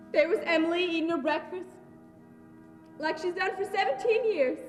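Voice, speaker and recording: A woman's voice: extremely high pitch, a bit bright. A young woman acting a mother fretting tearfully over her daughter's wedding in a school play. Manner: tearful, musing monologue. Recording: echoey hall, far-off mic.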